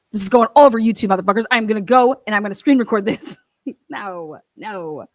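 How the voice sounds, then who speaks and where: A woman's voice: mid-range voice, no room sound. A young woman telling a heated, profane storytime rant, full of swearing and laughs. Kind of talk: ranting storytime.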